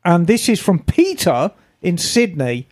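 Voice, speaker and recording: A chatty woman co-host talks in a loose, easygoing way. She reads listener emails aloud in a relaxed, conversational tone and drops the odd casual swear word. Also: on the low side, measured pace. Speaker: podcast co-host.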